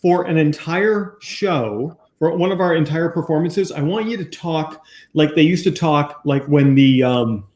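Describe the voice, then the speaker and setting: A man hosting a casual live-stream chat, rambling and animated with frequent restarts. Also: fairly high pitch, unhurried. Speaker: host.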